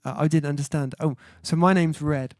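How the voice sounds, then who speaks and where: A man's voice: on the high side, steady tone, brisk, a little mellow, no room sound, studio quality. Chatty man reading his stream chat. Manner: hesitant and chatty, many fillers, sounds out foreign words. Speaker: singer-songwriter hosting his livestream. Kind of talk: casual livestream chat reading out viewer comments. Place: at home, indoors.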